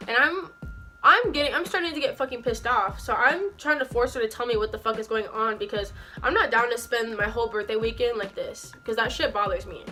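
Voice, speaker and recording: A woman's voice: fairly high pitch, brisk, sharp tone. A young woman telling a personal story for her vlog, swearing often and packing her speech with "like", in a heated and indignant way. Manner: heavy swearing, frequent "like" fillers. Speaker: vlogger. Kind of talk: storytime monologue. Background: faint background music.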